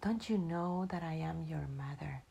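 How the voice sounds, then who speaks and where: A woman voicing a gentle, commanding mother spirit who speaks softly and reassuringly, at times close to a whisper. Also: low-pitched, moderate pace, gravelly, breathy edge, heavily acted, poor audio. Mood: tender. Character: gentle divine mother spirit, female, commanding yet tender.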